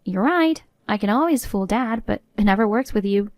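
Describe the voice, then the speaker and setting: A woman's voice: mid-range voice, animated, normal speed, darkish tone, no room sound, close to an everyday voice. A woman voicing a spoiled, scheming younger sister who talks in a smug, mocking way. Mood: smug taunting.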